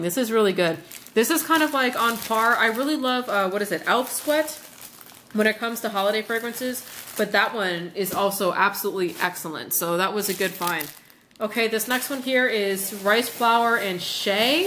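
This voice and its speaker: A woman's voice: mid-range voice, fairly bright tone. A woman chatting casually at home in a haul vlog, rambling with lots of fillers as she sniffs and reviews wax melts, with a faint hiss behind her.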